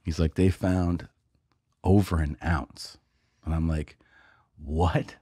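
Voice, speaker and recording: A man with a very low voice tells a rambling story on a podcast. He acts out what other people said and laughs often. The sound is dry and close to the mic. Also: steady tone, takes it slowly, dark tone, husky, no room sound. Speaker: podcast co-host and comedian. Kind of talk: casual storytelling chat.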